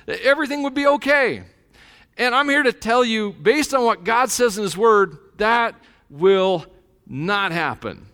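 A middle-aged pastor gives his sermon in a relaxed, joking way and builds to pointed emphasis. His voice sits a little high for a man. The sound rings out with the long reverb of a church hall. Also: clear, resonant tone. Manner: jokey, conversational preaching with rising emphasis.

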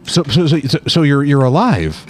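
A man playing his character in a tabletop game, stammering and excitable. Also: fairly high pitch, normal speed, faint music behind. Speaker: player.

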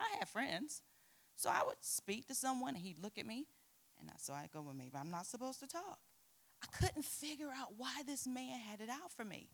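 A middle-aged woman preaching to a youth group, telling a personal story with lively acted-out quotes. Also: a little high. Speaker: youth pastor.

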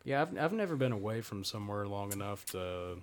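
A man's voice: on the low side, very animated, fairly quick. A man with a slight Southern drawl, laid-back and swearing freely in a casual podcast chat.

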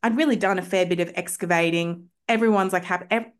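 A woman homeopath, a guest on a podcast, tells personal stories in a casual interview. Her voice sits fairly low and moves briskly, and she's enthusiastic and chatty, full of filler words.

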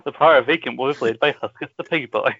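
A man's voice: medium pitch, fast, slightly rough, lo-fi sound. A man voicing a stern male wrestler with a thick German accent, speaking in a clipped, menacing way.

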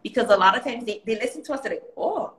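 Animated Hawaiian woman in a roomy space. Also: on the high side, racing. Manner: animated storyteller, laughing often, slipping into pidgin voices. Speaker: guest. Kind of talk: casual chat. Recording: roomy echo.

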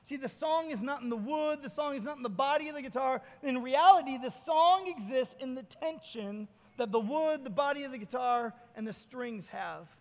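A man with a very high-pitched voice preaches a sermon and retells scripture scenes with lively, acted-out dialogue. The sound carries a long reverb, as if recorded in a large hall. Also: moderate pace, few pauses. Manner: animated storytelling, acting out Bible scenes. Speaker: pastor.

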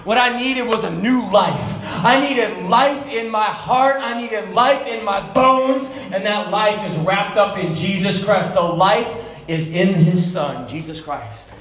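A man preaching a sermon, moving between shouted passages and quiet, conversational asides. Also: high voice, slow, roomy sound. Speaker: pastor.

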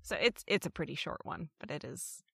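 A woman co-hosting a casual podcast, chatting and reading listener stories aloud. Her voice sits a little low, and her delivery is wry and amused. The recording is dry and close, with no room sound. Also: animated, fairly quick, vocal fry, pushed and bright, slightly rough, no room sound.

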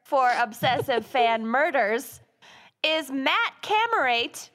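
A woman co-hosting a podcast in easy, joking chat. She talks slowly, with a lively, swinging pitch that sits a little high, and laughs often. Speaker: podcast co-host. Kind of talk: casual chat.

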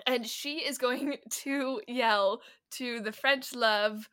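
A woman playing in a tabletop role-play, animated, laughing and working out ideas aloud. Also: on the high side, slow pace, hardly any pauses. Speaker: player.

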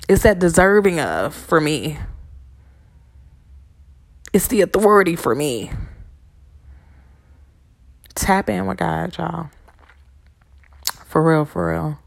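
A woman with a low, gravelly voice talks straight into her podcast mic. She rambles in a loose, casual way, swearing freely while urging her listeners on. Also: lively intonation, slow, long pauses. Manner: rambling, profane and encouraging. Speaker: podcast host. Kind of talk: casual motivational monologue. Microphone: podcast microphone.

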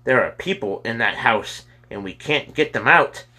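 Man playing a fire chief, loud, forceful, afraid, raised husky voice. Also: mid-range voice, animated, unhurried, pitched above the performer's own voice, full character voice. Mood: fearful. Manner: loud and fearful.

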